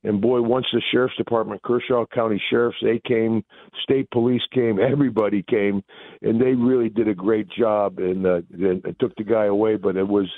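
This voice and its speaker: A man, telling a story as a guest in a phone interview, excitable and booming. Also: moderate pace, dry recording. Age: 60s. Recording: tinny phone line.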